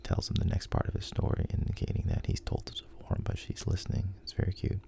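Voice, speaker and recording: A man softly retelling a story, unhurried, with frequent pauses and restarts. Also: low-pitched, monotone, vocal fry, a little hiss or hum. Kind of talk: whispered storytelling.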